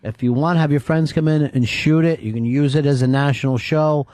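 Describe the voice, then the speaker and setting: A man's voice: fairly high pitch, fairly even intonation, fairly quick, darkish tone. A man hosting a radio talk show, teasing his crew in casual banter with many fillers.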